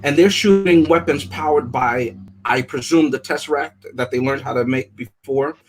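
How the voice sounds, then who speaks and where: A man's voice: medium pitch, moderate pace, crowd noise. A man co-hosting a casual review chat, methodically picking apart story logic. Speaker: podcast co-host.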